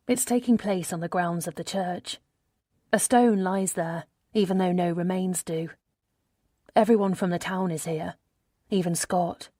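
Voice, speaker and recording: A woman narrating a first-person audiobook in a measured, intimate storytelling manner on a close studio mic. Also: fairly low pitch, darkish tone, no echo.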